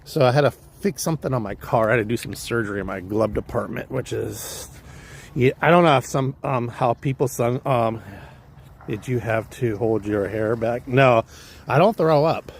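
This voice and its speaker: A man with a Californian accent tells a long story off the cuff, swearing freely and jumping between thoughts. His voice sits in an ordinary middle pitch. There is a faint hum of traffic behind him. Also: normal speed. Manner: rambling, profane, animated storyteller. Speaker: livestream vlogger. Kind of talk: casual storytelling chat.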